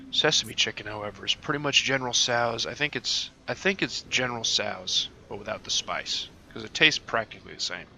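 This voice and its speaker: A young man casually commentating over a game he is playing, rambling offhand with lots of fillers and casual swearing, hiccuping and clearing his throat now and then. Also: lowish voice, bright, forceful tone, a little hiss or hum. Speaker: gaming channel host.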